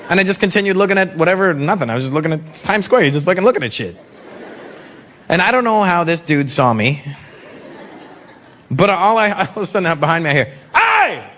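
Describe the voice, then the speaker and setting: A man's voice: on the high side, fast talker, long pauses. A man performing profane stand-up comedy on stage, acting out characters with audience laughter behind him. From Canada. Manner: animated, profane, acts out characters. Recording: live stage mic with crowd noise.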